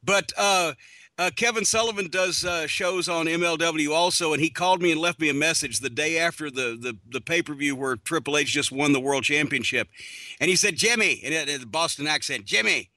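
A man's voice: fairly high pitch, a little fast, sharp tone, no echo. A man on a podcast as a guest, telling rambling sarcastic stories over a video call. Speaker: podcast guest, wrestling personality. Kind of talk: casual podcast interview.

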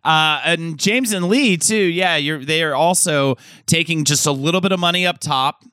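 Bright, dry-sounding male co-host. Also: a little high, normal speed, clean tone, dry recording. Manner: enthusiastic, chatty, with frequent fillers. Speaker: podcast co-host. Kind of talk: casual chat.

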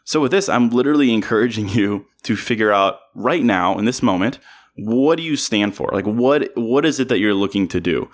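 Male podcast host, lower voice, earnest motivational delivery with emphatic repetition. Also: lively intonation, fairly quick. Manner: earnest, emphatic, repeats phrases. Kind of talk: motivational monologue.

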